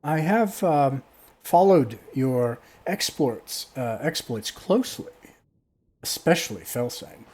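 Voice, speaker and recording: A man voicing a grand, ancient female witch queen who speaks in a booming, stately way. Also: expressive, slow pace, darkish tone. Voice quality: echoing, booming.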